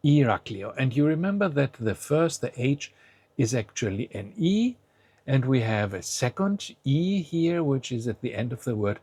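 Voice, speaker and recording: A man's voice: on the low side, darkish tone, husky, no room sound. A man teaching a language lesson to the viewer, patiently asking the learner to try each word before he says it.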